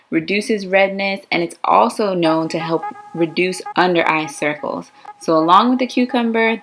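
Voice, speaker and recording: A woman's voice: mid-range voice, fairly bright tone. A woman talking through a homemade skincare recipe step by step in a friendly, casual vlog manner. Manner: friendly, step-by-step, self-deprecating. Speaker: DIY beauty vlogger. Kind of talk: casual how-to explanation.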